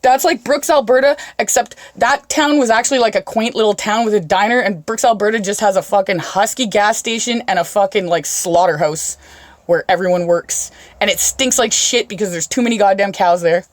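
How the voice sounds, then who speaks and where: A podcast host speaks at a medium pitch and a fairly quick clip, with no echo on the recording. She swears constantly and laughs her way through rambling road-trip stories in a casual storytelling chat.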